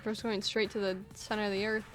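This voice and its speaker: A young woman commenting excitedly on a game playthrough, pleading and laughing often, over faint game music. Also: medium pitch, a little fast. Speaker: gaming streamer.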